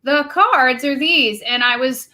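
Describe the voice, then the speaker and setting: Middle-aged New York woman, chatty livestream co-host, high bright voice. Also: takes it slowly. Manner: chatty, laughs often. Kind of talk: casual livestream chat.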